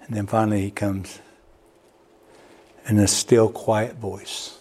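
Male pastor, sermon delivery, slow pace, storyteller with sudden lifts in pitch. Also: little pitch movement, darkish tone, breathy edge. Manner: storytelling preacher, repeats words, sudden rises in pitch.

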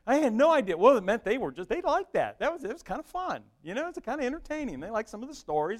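A middle-aged man preaching a sermon as pastor, swinging from loud emphasis down to a near-whisper. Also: very high-pitched, big pitch swings, fast talker, hardly any pauses.

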